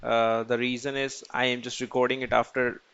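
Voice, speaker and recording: A man's voice: mid-range voice, flat delivery, brisk, a bit bright, clear, resonant tone, highs cut off. A man teaching chess in a casual screen-recorded tutorial, asking and answering his own questions as he goes.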